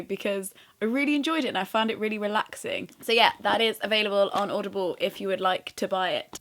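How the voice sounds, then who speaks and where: A young woman in her twenties from England, chatting to camera in a self-mocking way with quick asides. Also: mid-range voice. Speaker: vlogger. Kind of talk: casual chat to camera.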